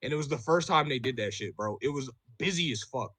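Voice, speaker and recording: A man on a podcast telling a story in casual chat, profane and animated, full of fillers and "bro". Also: medium pitch, brisk, no room sound.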